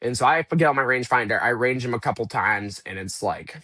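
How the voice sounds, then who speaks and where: Casting: male podcast guest, mid pitch, lively storyteller who voices his own thoughts, dry close sound. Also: a little fast, no room sound. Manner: animated, acts out his own past thoughts in quotes. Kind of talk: casual storytelling interview.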